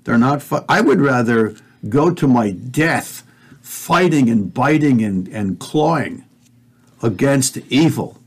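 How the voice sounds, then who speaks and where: A man in mid-range pitch hosting a talk show. He delivers a heated, preachy rant, swears freely and talks straight to his listeners. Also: expressive, takes it slowly, slightly rough. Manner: fiery, profane, preachy, addresses listeners directly. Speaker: podcast host.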